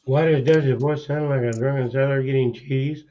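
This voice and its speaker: A man's voice: medium pitch, steady tone, fairly quick. A man joining a casual live chat as a guest, joking loosely and saying "you know" a lot. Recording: dull lo-fi call audio.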